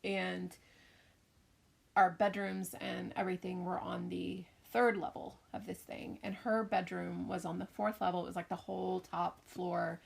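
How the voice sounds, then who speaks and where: A middle-aged woman, a podcast co-host and mother, telling a family story in casual chat, animated and often laughing. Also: lowish voice, unhurried, vocal fry, slightly rough.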